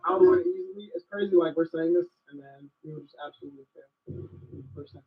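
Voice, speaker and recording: A man doing loud, boastful, joking commentary in a video clip. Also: a little high, huge pitch swings, fast talker. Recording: tinny phone-like clip audio.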